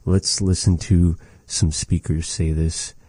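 Deep, slow-speaking male language teacher. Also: little pitch movement, warm tone, breathy edge, no room sound. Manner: slow, patient, repeats words after recordings. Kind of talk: language lesson.

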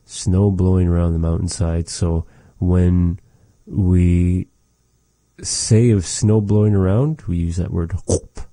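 A man teaching vocabulary in a casual lesson, repeating each word slowly with chatty asides. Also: deep voice, fairly even intonation, dark tone, dry recording. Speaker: language teacher.

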